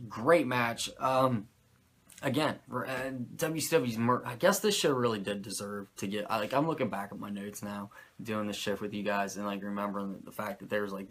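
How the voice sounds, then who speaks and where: Man, podcast host, casual recap, animated, swears a lot, sarcastic. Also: fairly low pitch, breathy edge. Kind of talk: casual chat.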